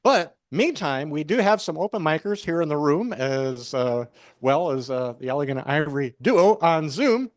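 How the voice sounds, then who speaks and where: A man hosting a cafe open mic, making announcements with lots of halting fillers. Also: fairly high pitch, animated, no echo. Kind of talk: event announcements. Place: small cafe.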